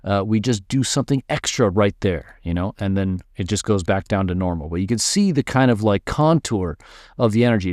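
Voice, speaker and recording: A man casually teaching music production, thinking aloud while he works and muttering at his software. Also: lowish voice, animated, fairly quick, no room sound, studio quality. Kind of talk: casual screen-recorded tutorial.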